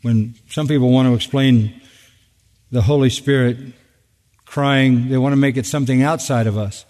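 A man's voice: mid-range voice, fairly even intonation, normal speed, a little mellow. An older man preaching a sermon from the pulpit, emphatic and building to urgent peaks on key phrases. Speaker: pastor. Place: large church. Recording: long reverb of a church sanctuary.

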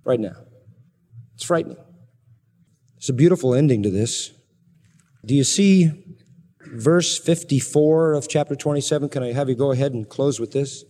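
A man preaching an expository sermon, emphatic, with dramatic swings in pitch and pace. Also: normal speed, long pauses, mellow. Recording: long reverb of a large hall.

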